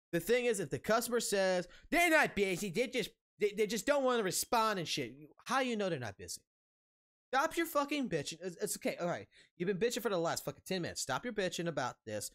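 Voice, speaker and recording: A man streaming a casual rant, angry and heavily profane, blunt, repeating himself for emphasis. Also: high voice.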